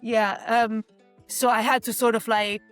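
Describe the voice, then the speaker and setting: A woman in her thirties from Lebanon, a scenic designer speaking as an interview guest in a reflective, halting way, often restarting sentences. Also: fairly high pitch, little pitch movement, soft background music. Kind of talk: candid conversational interview.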